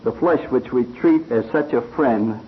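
Slow, earnest man preaching, lo-fi. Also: mid-range voice. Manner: slow, earnest preaching, telling a fable with quoted voices. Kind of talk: sermon. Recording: dull lo-fi recording.

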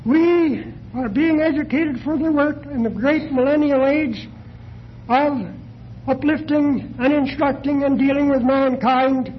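A man preaching a sermon, measured and deliberate, posing questions to his listeners. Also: very high-pitched, fairly even intonation, muffled recording, a little hiss or hum.

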